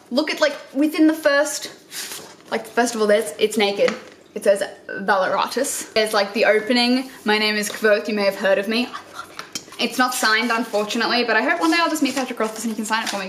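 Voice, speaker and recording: A young Australian woman in her twenties chatting excitedly about books while unboxing, gushing and swearing freely. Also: on the high side, roomy sound. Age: 20s. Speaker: book vlogger. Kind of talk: casual unboxing chat. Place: indoor room under lights.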